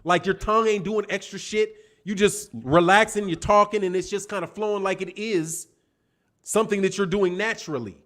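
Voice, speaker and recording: A man's voice: sits high, fairly even intonation, moderate pace, fairly bright tone. A man hosting a boxing live stream, rambling and profane in casual chat. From Chicago. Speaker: boxing show host.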